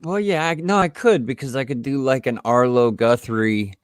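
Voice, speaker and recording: A male comic with a middle-pitched voice, tripping over himself with excitement and tossing out casual swearing. The sound is dry and close-miked. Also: normal speed, clean tone, no echo. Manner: excitable, swearing, self-interrupting. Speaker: stand-up comic. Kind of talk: casual comedy workshop chat.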